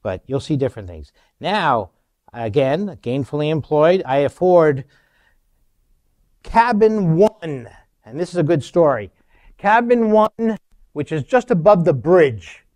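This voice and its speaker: A middle-aged man giving a lively storytelling talk in a university auditorium, acting out quotes with sudden loud bursts. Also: on the high side, moderate pace. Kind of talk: animated storytelling.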